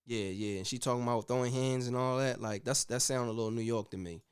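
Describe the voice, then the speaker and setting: A man's voice: mid-range voice, fast, clean tone. Slangy man hosting a commentary talk. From United States. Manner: animated, slangy, repeats "you know what I'm saying". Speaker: host. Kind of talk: casual commentary on a video.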